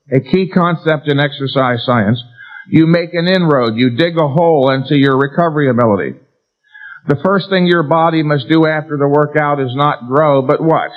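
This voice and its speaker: A man giving a live seminar lecture to an audience, emphatic, stressing key words and answering his own rhetorical questions. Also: fairly high pitch. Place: seminar room before an audience. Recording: dull lo-fi 1990s seminar tape.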